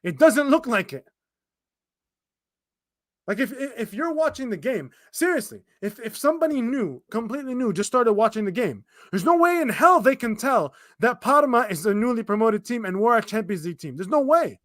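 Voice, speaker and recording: A high-pitched young man hosts a football watchalong, venting his frustration in rapid, stumbling bursts full of restarts and curses. The sound is dry and close, with no room around it. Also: very animated, fairly bright tone, no echo. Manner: exasperated, fast ranting with frequent restarts and swearing. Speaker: fan commentator reacting to a live match. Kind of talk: livestream watchalong rant.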